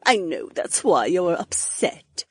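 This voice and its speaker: A woman's voice: slow pace, breathy edge, dry recording, studio quality, heavily acted. A woman reading an audiobook's dialogue, voicing several characters with wide swings in her voice. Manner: expressive, shifts pitch widely between characters.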